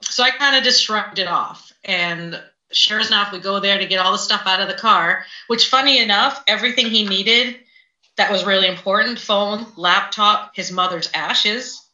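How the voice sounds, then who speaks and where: A woman's voice: mid-range voice, moderate pace, pushed and bright. A woman, co-founder and medium of a paranormal team, chatting and telling stories on a podcast. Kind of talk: casual podcast chat. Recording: roomy, dull lo-fi sound.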